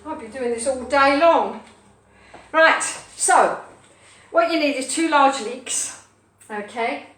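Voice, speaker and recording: A woman's voice: high-pitched, slow pace, pauses often, echoey room, recorded from a distance, noisy background. A woman hosting a casual live cooking stream from her home kitchen, chatting playfully with viewers as she cooks. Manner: chatty, playful, sing-song asides. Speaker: cooking show host.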